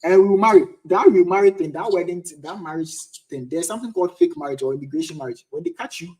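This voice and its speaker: A Ghanaian host in his twenties speaks fast in a voice that sits high and sounds a little mellow. He's running an informal livestream chat, fielding questions from his viewers.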